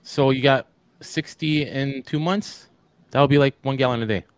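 A man co-hosting a casual trade podcast, working through a listener question with rough math. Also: medium pitch, dry recording. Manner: lively, answers listener questions with quick math. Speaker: regular co-host, HVAC technician. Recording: fiddly mic, level jumps.

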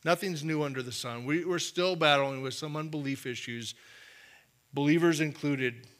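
A man preaching a sermon in a conversational way, dropping to a quiet, firm voice to make his points. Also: a little high, normal speed. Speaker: pastor.

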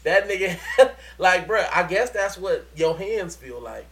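Lively profane male storyteller. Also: sits high, a little slow. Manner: animated storyteller, profane, laughs often, acts out voices. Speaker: podcast co-host. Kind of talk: casual chat.

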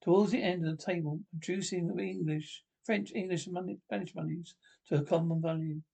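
A man reading a classic adventure novel aloud, in a halting way with restarts and slips. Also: high voice, steady tone, gravelly, dark tone, husky. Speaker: audiobook reader.

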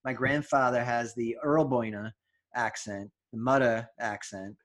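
Podcast co-host, man, faint New York accent, chatty and animated, mid-range voice. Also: mid-range voice. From New York, Long Island area. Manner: chatty, quick asides, laughs easily. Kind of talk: casual chat.

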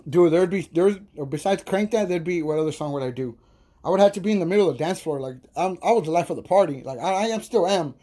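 A podcast host spins a rowdy tale in a loose, profane, laughing monologue. His voice sits high for a man. The tone is soft and mellow, never sharp. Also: fast. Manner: animated, profane, laughing storyteller. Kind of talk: casual storytelling monologue.

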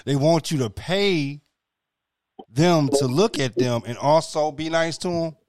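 A man's voice: a little high, a little slow, a little mellow, no echo, studio quality. A man in profane, casual podcast chat who tells stories animatedly and laughs often.

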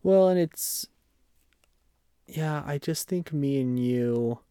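A man's voice: fairly high pitch, slow pace, dark tone, smooth, no room sound. Chatty young man, dry close voice. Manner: conversational, acts out his own past thoughts. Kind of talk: casual chat.

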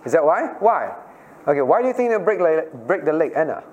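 Male pastor, higher voice, teaching a Bible class and quizzing listeners by name, repeats key points. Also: sing-song, brisk, darkish tone, dull audio. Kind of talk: interactive Bible study teaching.

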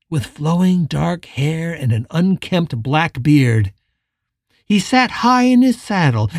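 Gravelly male audiobook narrator. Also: a little high, a little mellow, no room sound, studio quality. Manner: measured, dramatic storytelling. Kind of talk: scripted narration.

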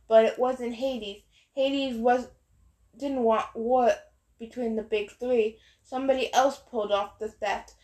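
A woman narrates a novel in the first person. She tells the story steadily. Her voice is high. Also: steady tone, unhurried, darkish tone, reverberant. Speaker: audiobook narrator.

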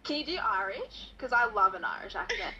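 A woman's voice: a little high, very animated, fairly quick, pushed and bright, breathy edge, dull audio. A woman hosting a podcast over a video call, casual and giggly. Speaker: podcast host. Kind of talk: casual chat.

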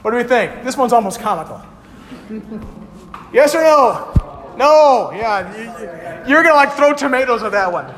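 High-voiced preacher in a reverberant hall. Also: male voice, moderate pace, long pauses. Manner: lively, quizzes the congregation and acts out quoted lines. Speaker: pastor. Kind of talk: sermon. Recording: long hall reverb, faint hiss.

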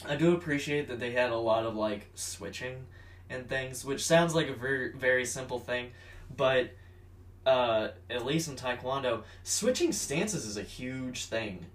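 A man's voice: mid-range voice, lively intonation, unhurried. A man co-hosting a casual movie chat, wry and chatty, breaking down fight techniques. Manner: chatty, wry, knowledgeable about martial arts. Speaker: podcast co-host. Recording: echoey room, mic at a distance.

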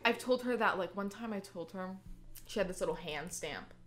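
A woman's voice: medium pitch, normal speed, over music. A young woman in casual chat, telling babysitting stories with lots of fillers, often breaking into laughter. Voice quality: many fillers, giggly, animated storytelling.

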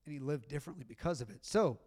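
Male pastor, middle-aged, slightly higher voice, earnest conversational sermon delivery. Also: rapid-fire, darkish tone, breathy edge. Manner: earnest, conversational preaching with rising emphatic bursts.

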